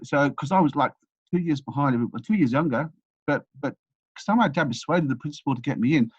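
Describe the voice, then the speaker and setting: A man's voice: on the high side, quick pace, slightly rough, no room sound, dull audio. A man in his sixties from England, telling rambling stories about his life as a podcast guest, full of restarts and repeated words. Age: 60s. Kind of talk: casual storytelling interview.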